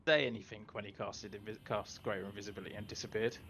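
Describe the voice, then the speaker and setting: A man's voice: fairly low pitch, fairly even intonation, fast talker, a bit bright, a little hiss or hum. Hesitant man playing a tabletop game. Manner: hesitant, full of fillers and self-corrections. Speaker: player. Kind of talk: casual tabletop game chat.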